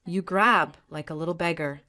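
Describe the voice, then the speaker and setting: Woman narrator doing a contemptuous, sneering relative in a drama story; lower voice. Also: normal speed, bright, forceful tone. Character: spiteful sneering woman, family bully.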